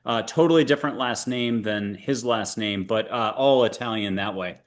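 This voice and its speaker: A man's voice: lowish voice, moderate pace. A man in his fifties hosting a spiritual interview podcast, talking casually and rambling with many fillers and restarts. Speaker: podcast host.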